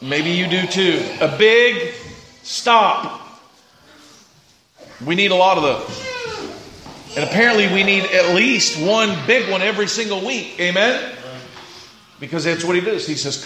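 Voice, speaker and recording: A man preaching a sermon as pastor, dropping to hushed prayer and rising to loud rapid exhortation, asking the congregation for responses. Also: high voice, lively intonation, reverberant, a little hiss or hum, rough recording. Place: church sanctuary.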